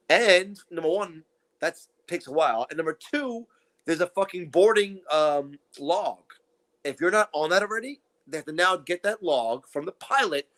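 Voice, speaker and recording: High-voiced man swearing through stories. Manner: profane, animated storytelling with acted-out quotes. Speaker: podcast co-host. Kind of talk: casual chat.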